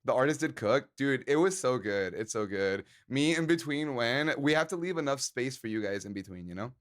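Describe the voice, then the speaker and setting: A man's voice: mid-range voice, expressive, fairly quick. A man live-streaming and chatting casually with his viewers, joking around and laughing often.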